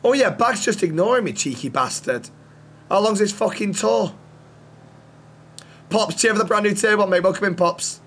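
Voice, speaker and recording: A man chats through a game stream in a raised, slightly high voice. He swears freely and throws teasing banter at the other players. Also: lively intonation, normal speed, long pauses, a bit bright. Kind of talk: casual game-stream chat.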